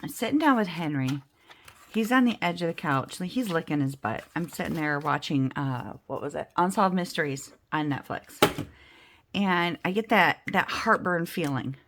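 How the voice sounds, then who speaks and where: A woman vlogging at home, telling a self-mocking story in a chatty, animated way while playing a game. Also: low-pitched, normal speed, slight background noise. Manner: chatty, self-mocking, animated storyteller who acts out the other people's lines. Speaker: budget and game-night vlogger.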